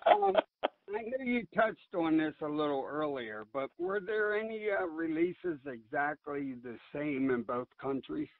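A man's voice: fairly high pitch, very animated, a little slow, dry recording. A man hosting a casual interview chat, asking questions and giving brief agreeing replies. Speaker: podcast host. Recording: dry phone-like call audio.

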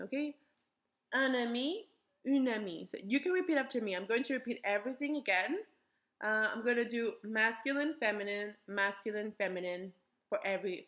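A young woman with a somewhat high, fairly bright voice teaches beginner French in a recorded class lesson, switching between French and English. She slows down to model pronunciation, and the recording has a roomy echo.

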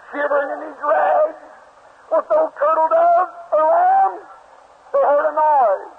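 Fervent high-voiced preacher on old tape. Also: male voice, phone-quality sound. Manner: fervent, pleading, speaks to the crowd. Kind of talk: fervent revival sermon and altar call. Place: large church hall with balcony.

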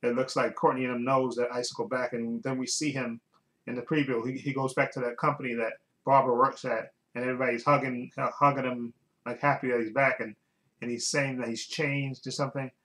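A man's voice: medium pitch, little pitch movement, a little fast, fairly bright tone, poor audio. A man casually recapping a TV episode as a reviewer, rambling and often restarting while he searches for words.

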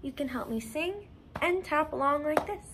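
A woman music therapist leading a singalong for young children in a gentle, encouraging sing-song. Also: high voice, animated, normal speed, very noisy.

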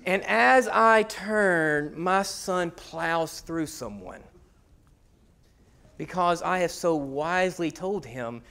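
A man, preaching a sermon as pastor and telling a story, acting out shouts and hushed asides. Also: sits high, slow pace, vocal fry, clear, resonant tone.

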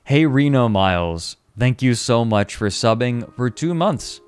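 A man's voice: medium pitch, animated, unhurried, clear, resonant tone. A man streaming a comedic, mock-dramatic reading of a story at a desk microphone. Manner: mock-dramatic, breaks into laughter.

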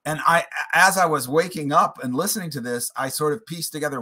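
A man guest on an interview podcast, telling a personal family story in an earnest, reflective way that slows on emotional points. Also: medium pitch, fairly even intonation, sharp tone. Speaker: podcast guest, playwright and author.

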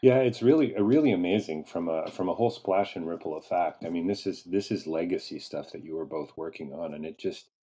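A man hosting an interview over a video call, earnest and halting, with many restarts. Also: sits low, mellow, slightly rough. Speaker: interview host.

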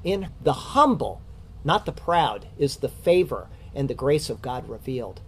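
A man giving a verse-by-verse Bible study, explaining the text in a measured teaching manner with rhetorical questions. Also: medium pitch, big pitch swings, slight background noise.

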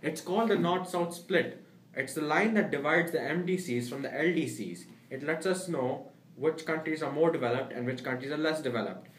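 Brief: young man as a lecturing explainer, slightly high, distant mic. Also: moderate pace, close to an everyday voice. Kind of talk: amateur comedy sketch acting. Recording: roomy, distant, faint background noise.

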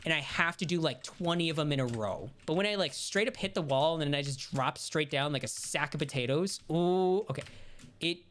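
A woman streamer giving casual commentary over her gameplay, talking to herself and swearing and yelling when she gets frustrated. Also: low-pitched, a little fast. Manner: talks to herself while playing. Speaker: gaming streamer.

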